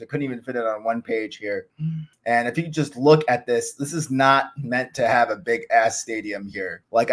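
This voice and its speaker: Rambling, jokey man hosting a cricket vlog. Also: medium pitch. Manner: rambling, jokey, lots of fillers. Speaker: cricket channel host. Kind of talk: casual screen-share commentary.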